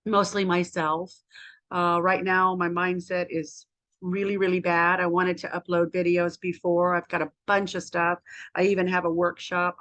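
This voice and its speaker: A woman's voice: mid-range voice, fairly bright tone. An American woman in her fifties vlogs about her own life. She talks in a candid, rambling way with plenty of feeling. Her voice is that of a health coach chatting with viewers. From United States. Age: 50s. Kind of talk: casual personal vlog.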